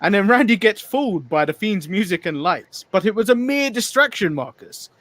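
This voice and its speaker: Male co-host, high-pitched and giggly, long run-on recaps, dry recording. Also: very animated, moderate pace, a bit bright, dry recording. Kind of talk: casual podcast recap.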